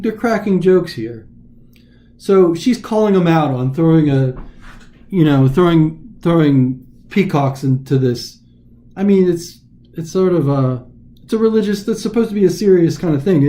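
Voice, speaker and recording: A man's voice: a little high, lively intonation, normal speed, mellow. A man tutoring as a test prep teacher in a casual recorded lesson, talking informally and dramatizing the text as he explains it.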